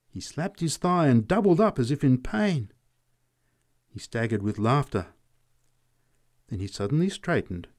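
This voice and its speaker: A man narrating a story in the first person as an audiobook reader. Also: medium pitch. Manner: lively, expressive reading.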